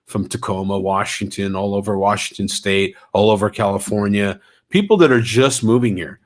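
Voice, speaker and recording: A man's voice: on the low side, moderate pace. A man vlogging casually, telling stories with energy and answering viewers' chat comments, a little stuffy in the nose. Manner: animated storyteller, reads and answers chat comments.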